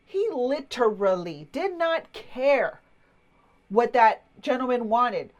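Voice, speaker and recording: A woman in her fifties, a marketing coach, telling a personal story in a chatty, animated way with many asides. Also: fairly high pitch, takes it slowly. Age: 50s.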